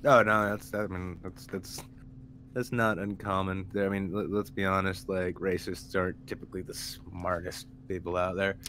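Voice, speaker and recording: A man co-hosting a podcast who tells long, rambling stories with dry, dark humor. His voice sits low. A faint noise hums behind him. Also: flat delivery, normal speed. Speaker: podcast co-host. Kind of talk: casual chat.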